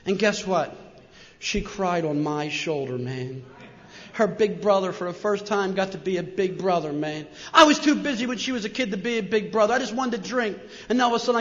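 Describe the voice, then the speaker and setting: Middle-aged New Jersey man, high-pitched and animated, on a muffled hall recording. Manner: animated, says "man" constantly, repeats "and". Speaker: speaker sharing his recovery story. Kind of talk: personal story talk to an audience. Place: large meeting hall with an audience.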